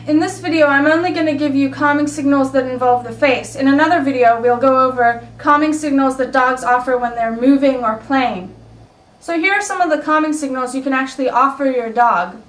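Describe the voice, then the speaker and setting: A woman's voice: sits high, a little fast. A woman dog trainer casually explaining and demonstrating yawns and sighs in a video lesson. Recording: echoey room, mic at a distance.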